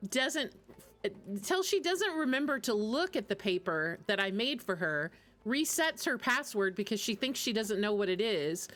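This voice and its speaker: A woman's voice: on the high side, fairly bright tone. Chatty woman streamer, laughing often. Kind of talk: casual chat while gaming.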